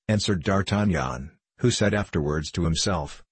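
A man narrating a classic novel as an audiobook, in a measured, even storytelling manner. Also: low voice, husky, no echo.

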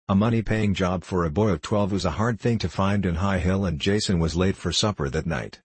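A man narrating a story in a measured, unhurried audiobook reading. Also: sits low, husky, dry recording.

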